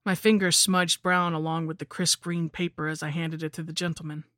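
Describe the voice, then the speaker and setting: A man's voice: fairly high pitch, flat delivery, fairly quick, bright, forceful tone, dry recording, clean studio sound. A man reading a first-person horror story aloud with a wry, storytelling manner. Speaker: narrator. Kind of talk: scripted horror story narration.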